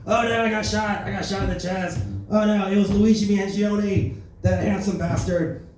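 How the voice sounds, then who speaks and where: A man's voice: sits high, steady tone, moderate pace, a little mellow, a little hiss or hum, voice pushed up, lightly acted. A man doing a stand-up impression of a boastful, crude older male politician, brash and rambling, at an open mic. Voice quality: brash, rambling, self-important. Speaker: stand-up comedian. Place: comedy club open mic. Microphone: stage microphone. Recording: echoey room from far off.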